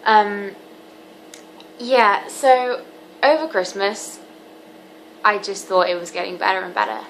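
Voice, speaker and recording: A seventeen-year-old woman talking candidly to camera in a personal vlog, earnest and halting with frequent ums. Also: medium pitch, fairly bright tone, slight background noise, poor audio. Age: teens. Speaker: vlogger.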